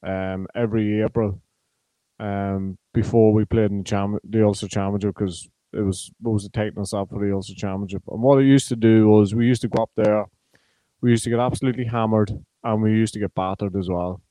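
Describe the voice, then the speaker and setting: Low, flat-voiced Irish pundit. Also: male voice, dry recording, poor audio. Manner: measured, hesitant with frequent ums. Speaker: pundit, former player and college coach. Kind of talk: casual sports chat.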